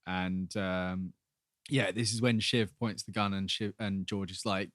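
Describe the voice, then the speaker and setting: A man's voice: deep voice, steady tone, a little slow, fairly bright tone, dry recording, clean studio sound. A man co-hosting a podcast, recapping a TV episode in rambling casual chat and acting out the characters' lines. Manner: rambling, acts out quotes with laughs. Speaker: podcast co-host.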